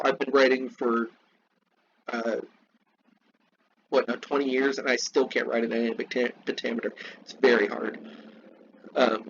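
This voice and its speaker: A man teaching a literature class, reading from a text and breaking off into slow, repeated explanations and asides to his students. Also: medium pitch, vocal fry, highs cut off, a little hiss or hum. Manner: slows down to spell out terms, asides to students.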